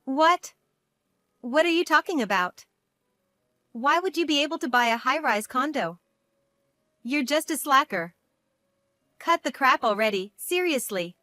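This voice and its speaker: A woman's voice: sits high, lively intonation, measured pace, long pauses, sharp tone, dry recording, clean studio sound, full character voice. A woman reading the lines of an adult brother in a family story, with plain read-out delivery. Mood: scornful.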